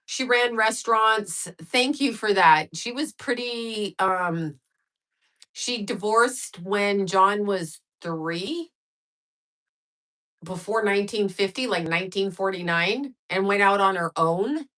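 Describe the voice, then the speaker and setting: A woman's voice: mid-range voice, takes it slowly, bright, forceful tone. Woman, middle-aged, livestream host, casual, rambling, chatty. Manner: chatty, rambling, reacts to viewer comments.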